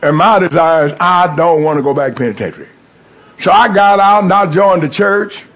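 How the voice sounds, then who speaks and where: Middle-aged man, husky voice, preaching, call-and-response. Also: sits high, animated, moderate pace, fairly bright tone. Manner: call-and-response preaching, rising and falling emphasis. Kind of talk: sermon testimony.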